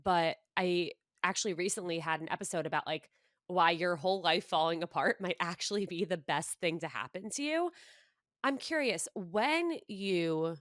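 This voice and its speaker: In a clean studio recording with no room sound, a woman hosts a podcast and asks questions in a conversational interview. Her fairly low voice moves at normal speed, warm and chatty, heavy with "like" and "you know."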